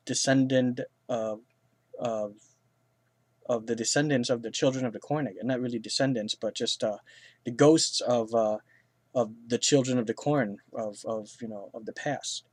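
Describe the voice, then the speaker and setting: A man's voice: medium pitch, dry recording. A man reviewing films in casual, rambling speech, full of fillers, restarts and blunt crude remarks. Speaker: film reviewer. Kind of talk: casual spoken film review.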